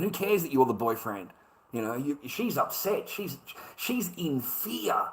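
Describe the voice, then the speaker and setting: At a measured pace, an Australian man with a medium-pitched, sing-song voice delivers a profane, repetitive ranting monologue. He stammers as he restarts sentences, and the recording quality is low.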